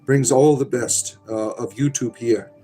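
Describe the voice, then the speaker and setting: A middle-aged man chats his way through a livestream, reading viewers' messages and riffing on them with irreverent, sardonic asides. His voice sits at an ordinary middle pitch, and soft music plays faintly behind him. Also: steady tone, unhurried. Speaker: livestream host reading chat. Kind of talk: casual livestream chat.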